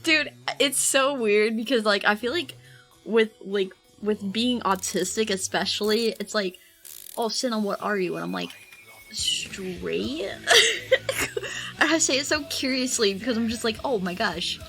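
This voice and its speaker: A woman's voice: a little high, moderate pace, a bit bright, faint music behind, rough recording. A young woman streaming while she draws, chatting casually with lots of fillers, giggles and squealed reactions. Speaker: art streamer. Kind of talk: casual chat while drawing.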